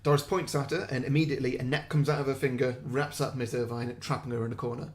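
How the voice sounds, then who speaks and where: A young man at a middling pitch narrating a comic sequel pitch. He laughs at himself often and admits he can't do voices. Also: flat delivery, fast. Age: young adult. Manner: self-deprecating, giggly. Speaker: podcast co-host.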